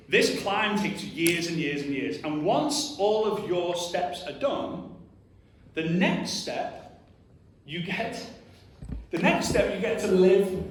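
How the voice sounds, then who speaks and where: A slightly high-voiced man in his thirties gives an emphatic, earnest motivational talk to an audience as a conference speaker in a large hall, often saying "like" and acting out little voices. The recording has a little hiss or hum, hall echo, and a distant mic.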